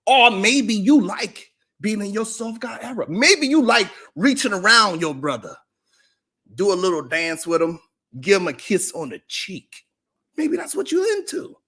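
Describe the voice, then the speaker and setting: A man hosting a podcast, delivering a mocking roast monologue that swings from loud shouts to low mutters. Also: very animated, measured pace, husky. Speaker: podcast host.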